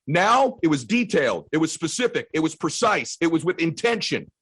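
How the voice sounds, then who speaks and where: A man's voice: on the high side, big pitch swings, normal speed, fairly bright tone, husky, no room sound, poor audio. A middle-aged man telling an intense, emphatic story as a motivational speaker, with a little profanity. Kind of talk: motivational storytelling to a live audience.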